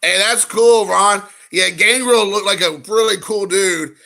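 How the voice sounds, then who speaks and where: A man's voice: sits high, measured pace, gravelly, sharp tone. A man hosting a casual live stream, rambling with lots of fillers and greeting viewers in chat. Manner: rambling, frequent fillers, reads chat aloud.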